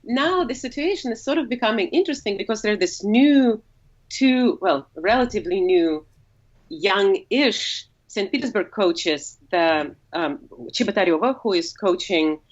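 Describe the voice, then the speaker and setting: A woman's voice: mid-range voice, lively intonation, normal speed, lo-fi sound. A woman with a Russian accent and Russian as her first language, talking as a guest in a casual conversation. She explains at length, with frequent fillers and self-corrections. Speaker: guest, opera singer.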